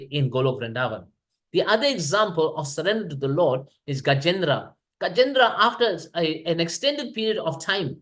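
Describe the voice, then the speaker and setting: Man, high voice, temple class speaker, animated, checks in with the audience. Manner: animated, quoting verses and checking in with "right?". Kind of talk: scripture class lecture.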